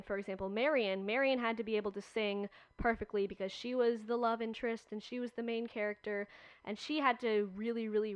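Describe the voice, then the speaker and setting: A young woman, a podcast guest, telling stories in a chatty, animated way with many fillers. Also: medium pitch, clean tone, dry recording. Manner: chatty, animated storytelling with frequent "like". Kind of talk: casual chat.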